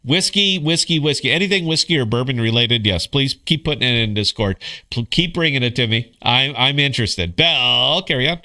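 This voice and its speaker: A man's voice: mid-range voice, lively intonation, normal speed, bright, forceful tone. A middle-aged man hosting a casual livestream podcast, laid-back and swearing, calling people bro and dude. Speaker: podcast host.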